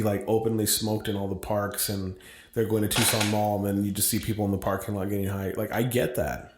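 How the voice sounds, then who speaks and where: A man with an American accent co-hosting a casual podcast, talking in an animated, opinionated way and swearing freely. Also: fairly low pitch, echoey room. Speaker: podcast co-host. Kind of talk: casual chat.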